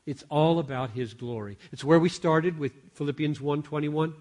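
Older man preaching with lively storytelling. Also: on the high side, normal speed. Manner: animated storytelling with self-corrections. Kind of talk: sermon with acted-out story.

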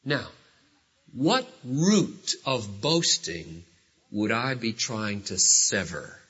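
A man preaching a sermon, emphatic and full of rhetorical questions, with sudden swings between loud and quiet. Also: lowish voice, sing-song, breathy edge. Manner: rhetorical questions, drawn-out phrases. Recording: dull lo-fi sermon recording.

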